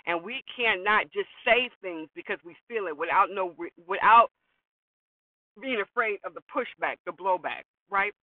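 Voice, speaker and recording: A man's voice: high voice, animated, normal speed, no echo. A man hosting a talk show, giving an emphatic opinion monologue that is full of repeated words and rhetorical questions. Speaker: podcast host. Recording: tinny phone-like sound from far off.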